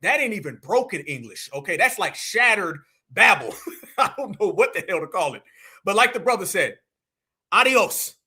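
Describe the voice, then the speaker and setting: A man's voice: sits high, big pitch swings, moderate pace, pushed and bright, slightly rough. An American man hosting a live stream, giving incredulous, slangy and mocking reaction commentary. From United States.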